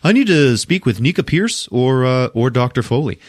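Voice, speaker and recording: A man's voice: medium pitch, big pitch swings, normal speed, no echo, clean studio sound, voice pushed up, natural voice. A man voicing a frantic young man who pleads in a hesitant, stammering way. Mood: pleading.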